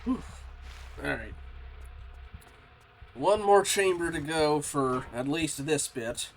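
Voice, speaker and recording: A man's voice: a little high, expressive, slow pace, slight background noise. Man muttering through a game stream. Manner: mutters to himself while playing, quiet asides. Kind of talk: casual let's-play commentary.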